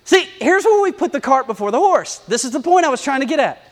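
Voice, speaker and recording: A man preaching a sermon in a lively, conversational way, acting out asides as he reads scripture. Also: extremely high pitch, quick pace, long reverb tail. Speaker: pastor.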